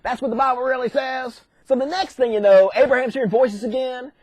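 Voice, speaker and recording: Comic monologue: very high-pitched man, crude and irreverent, dry close sound. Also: fairly even intonation, no echo. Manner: crude, irreverent, profane retelling with quick voice switches.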